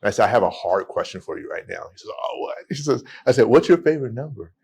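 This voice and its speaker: A man, a podcast guest telling stories in a lively way with many restarts. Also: mid-range voice, quick pace, gravelly, breathy edge. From United States. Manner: animated storytelling with many restarts. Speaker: guest, immigration attorney. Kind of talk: casual podcast conversation.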